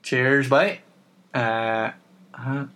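A man's voice: mid-range voice, drawn-out words, low-quality recording. A man co-hosting a skateboarding podcast in casual, sweary banter. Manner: sweary, laughing, relaxed banter. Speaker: podcast co-host. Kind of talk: casual chat. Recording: remote call recording.

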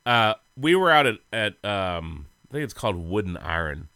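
A man's voice: lowish voice, big pitch swings, moderate pace, sharp tone, smooth, no echo, studio quality. A man co-hosting a sports podcast, telling rambling, goofy stories in casual chat and laughing often. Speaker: podcast co-host.

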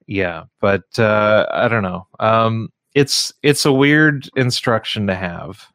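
A man hosting a casual radio talk show, speaking in a halting way with frequent restarts and fillers. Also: fairly low pitch, a bit bright, no room sound, studio quality. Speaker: radio show host and comedy show runner.

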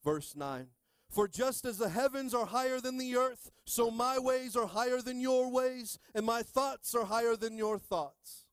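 A male pastor in his thirties preaching a sermon, calling out to the congregation and swinging from quiet asides to shouting. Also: very high voice, a little slow, hardly any pauses, clear, resonant tone, no room sound.

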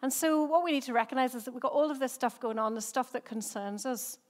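This senior pastor is a middle-aged woman from England whose accent has mellowed after years in Northern Ireland. Her voice is slightly higher than average for a woman, and she talks fast. Her sermon is easygoing and chatty, with frequent restarts and rhetorical questions aimed at the congregation.

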